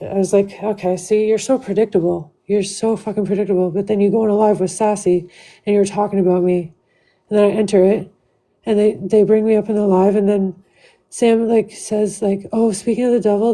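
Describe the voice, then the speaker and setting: A woman's voice: mid-range voice, mellow, low-quality recording. A woman livestreaming an angry, profane rant full of "like" fillers. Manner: heated, profane, with constant "like" fillers. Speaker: TikTok live streamer. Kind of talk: angry ranting livestream monologue.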